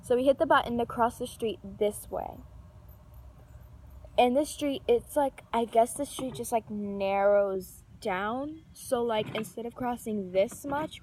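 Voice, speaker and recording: A young woman talks through a storytime vlog in a loose, rambling way, full of "like" and restarts. Her voice sits a little high and she curses casually. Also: slight background noise. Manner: animated, yells when reenacting an argument; lots of filler and restarts, swears casually.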